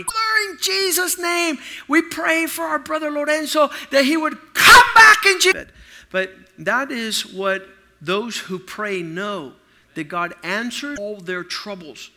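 A middle-aged man preaches by telling stories, his fairly high voice very bright and forceful. He swings between sudden loud outbursts and quiet, hushed asides as he acts out the people in his tales. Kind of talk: sermon storytelling.

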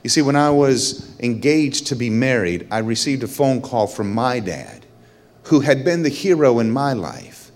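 Middle-aged man, testimony storyteller, lively pitch, rises when excited, hushes when solemn. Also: unhurried. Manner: animated storyteller, voice rises high when excited, drops low and quiet when solemn. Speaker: speaker sharing a personal testimony.

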